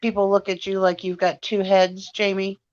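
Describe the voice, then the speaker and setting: A woman's voice: mid-range voice, monotone, moderate pace. A middle-aged woman in a casual chat, talking in a plain, matter-of-fact way about raising her children. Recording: dull lo-fi live stream audio.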